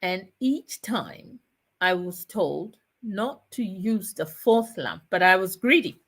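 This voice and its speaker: A woman voicing a weary old man, well over sixty, who has been trapped turning a mill for years, speaking low, heavy and solemn. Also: lively intonation, slow pace, fairly bright tone, slightly rough, full character voice. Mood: regretful. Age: older.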